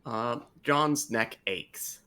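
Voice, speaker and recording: A man playing a tabletop role-playing game, narrating his character's actions in a laid-back, halting way. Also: mid-range voice, bright, forceful tone. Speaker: player.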